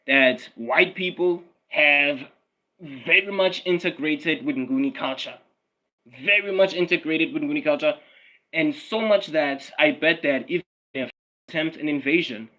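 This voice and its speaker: A man's voice: on the high side, a little slow, pushed and bright, rough recording. A man, a Swati speaker, ranting casually and profanely on a livestream, repeating himself and often laughing. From South Africa. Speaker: YouTube streamer.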